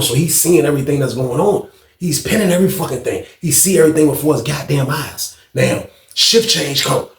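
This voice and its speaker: Gravelly man telling a wild story. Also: mid-range voice, reverberant. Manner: animated, profane, acts out other people's voices. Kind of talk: casual storytime monologue.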